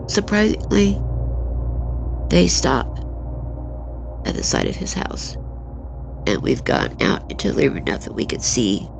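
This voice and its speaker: A woman in her sixties, a guest on an interview show, retelling a frightening personal experience in an emotional, halting way. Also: a bass voice, creaky, background noise. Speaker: guest recounting an encounter.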